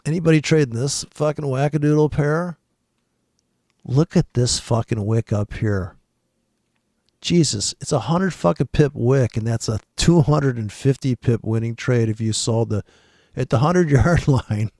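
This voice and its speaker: Gravelly, foul-mouthed trader ranting. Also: male voice, medium pitch, measured pace, dark tone, no room sound, clean studio sound. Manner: irreverent, swears a lot, laughs at own jokes. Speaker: forex trader giving weekly forecast. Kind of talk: rambling profane market commentary.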